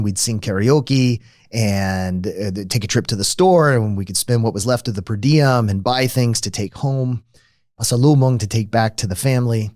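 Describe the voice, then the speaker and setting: A man's voice: on the low side, a little mellow, no echo, clean studio sound. An American man hosting a podcast, telling a reflective, conversational story with frequent restarts, like a lecture. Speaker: podcast host.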